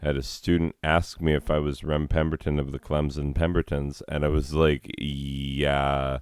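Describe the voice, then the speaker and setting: A man's voice: very deep voice, little pitch movement, a little fast, darkish tone, clean tone, no echo, studio quality. A man hosting a casual vlog outdoors in a forest, rambling with jokey, sarcastic asides. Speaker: host.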